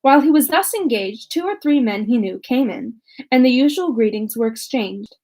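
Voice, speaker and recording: A woman's voice: fairly high pitch, lively intonation, normal speed, mellow. A young woman who chats casually and self-mockingly with many fillers, then reads a classic novel aloud. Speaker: audiobook reader.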